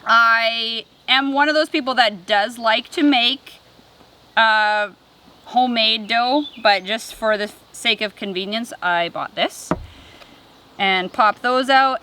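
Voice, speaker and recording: A woman's voice: a little high, slow pace, bright, forceful tone, a little hiss or hum. A woman hosting a family vlog, chatting casually as she cooks treats over a campfire outdoors. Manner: chatty, explains steps while cooking. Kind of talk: casual cooking demonstration.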